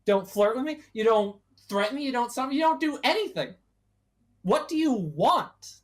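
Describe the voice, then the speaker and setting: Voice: mid-range voice, lively intonation, moderate pace, lightly acted. A player voicing a bitter, swearing female monster. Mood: exasperated. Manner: confrontational, swearing heavily. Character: bitter, volatile female monster who eats people. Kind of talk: in-character tabletop role-play.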